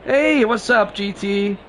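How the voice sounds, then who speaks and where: A man with a voice that sits high livestreams a racing game, chatting casually and rambling while laughing often. He's short on sleep and coughs, and there's a faint hiss or hum in the recording.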